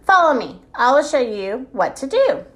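A woman voicing a stern male hotel manager in a storybook, speaking deliberately. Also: high voice, big pitch swings.

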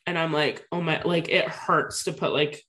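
Chatting casually with a co-host, a woman in her thirties gives an animated retelling of something personal, peppered with "like." Her voice is low-pitched and her speed normal.

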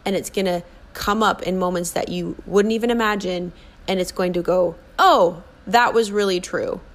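Earnest woman in her forties coaching. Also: mid-range voice. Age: 40s. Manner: earnest, coaxing, acts out inner voices. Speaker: self-help speaker. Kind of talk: motivational monologue.

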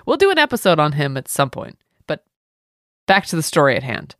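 A woman's voice: low voice, wildly swooping pitch, brisk, fairly bright tone, no echo, clean studio sound. A young adult woman hosting a comedy history podcast, telling the story with irreverent jokes and swearing. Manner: irreverent, jokey, swearing asides. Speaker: podcast host.

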